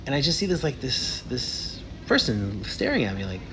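A man leading a casual Torah discussion, telling stories in an animated way with many restarts. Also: mid-range voice, moderate pace, slight background noise.

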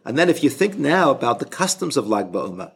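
A man giving an informal spoken religious lesson as a rabbi, halting and often restarting his sentences. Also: mid-range voice, big pitch swings, creaky, breathy edge. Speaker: rabbi teaching a class.

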